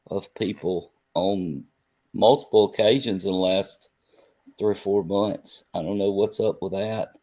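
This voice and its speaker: A man co-hosting a casual chat show. He thinks out loud hesitantly, trailing off as he muses. His voice sits on the low side. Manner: hesitant, musing.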